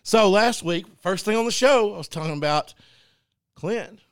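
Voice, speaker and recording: A man's voice: high-pitched, normal speed, clear, resonant tone, dry recording, clean studio sound. A man co-hosting a casual sports talk show, telling stories with lots of laughter and false starts. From Arkansas. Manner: animated storyteller, laughs often, restarts sentences. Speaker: podcast co-host and youth football coach.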